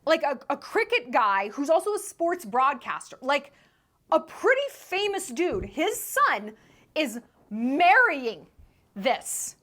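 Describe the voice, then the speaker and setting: A woman's voice: high voice, big pitch swings, slow pace, fairly bright tone. A woman in her thirties hosting a sarcastic commentary rant, incredulous and emphatic. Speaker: commentary YouTuber.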